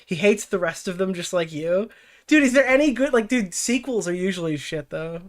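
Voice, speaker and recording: A man's voice: high-pitched, lively intonation, moderate pace. A young man hosting a casual livestream, rambling and swearing as he answers chat, laughing often and slipping into mocking impressions. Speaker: streamer and commentary host.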